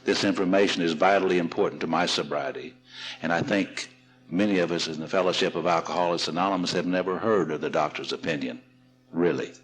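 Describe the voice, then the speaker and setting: A man's voice: low-pitched, brisk, faint music behind, poor audio. A man telling his recovery story to a seminar audience in a folksy, humorous way. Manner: folksy, humorous, repeats and restarts.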